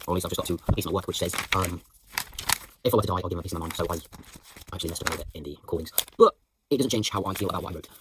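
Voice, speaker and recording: A man's voice: sits low, background noise. A young man, a drama student, rambling through a reflective voice note on his acting practice, with many fillers and restarts. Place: indoors at home.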